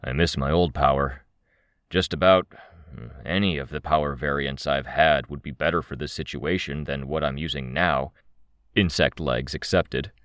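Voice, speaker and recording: A man voicing Tristan, a grumpy, impatient young builder, with gruff, sardonic talk. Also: rumbling low, steady tone, moderate pace, a bit bright, no room sound. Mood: grumbling.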